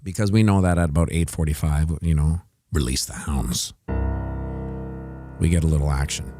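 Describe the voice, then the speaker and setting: A man hosts a casual crypto price livestream from a home setup full of TVs, rambling and joking through market commentary and restarting often. His voice is a rumbling low at a moderate pace, with music playing behind him.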